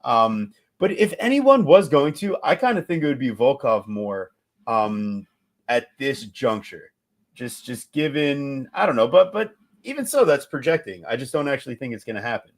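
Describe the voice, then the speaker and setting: Animated man co-hosting a fight-picks show. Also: a little high. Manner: animated, jokey, rambling. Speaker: podcast co-host and betting analyst. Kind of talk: casual fight-betting chat.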